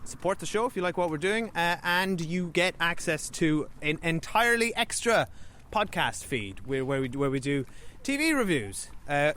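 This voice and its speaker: Chatty Irish man, high voice. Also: a bit bright, clear, resonant tone. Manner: chatty, with many fillers and restarts. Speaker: podcast co-host. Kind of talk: casual film review chat.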